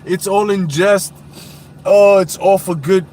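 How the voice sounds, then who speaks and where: A man's voice: sits high, fairly even intonation, takes it slowly, a little mellow, a little hiss or hum. Blunt, profane streetwise man. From Puerto Rican heritage. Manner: blunt, profane, streetwise slang, laughs often. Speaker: boxing live-stream host. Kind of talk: casual live-stream rant.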